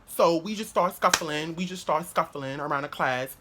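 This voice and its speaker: A young man telling a story to his viewers in an animated, rambling way, full of slang, swearing and restarts. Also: fairly high pitch, normal speed, background noise. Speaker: vlogger. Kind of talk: casual storytelling to camera.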